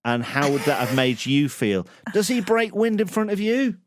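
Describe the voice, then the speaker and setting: A man's voice: sits high, sing-song, moderate pace, dry recording, clean studio sound. Wry, teasing man. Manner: wry, teasing, repeats lines for comic effect. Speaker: podcast host. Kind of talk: casual chat.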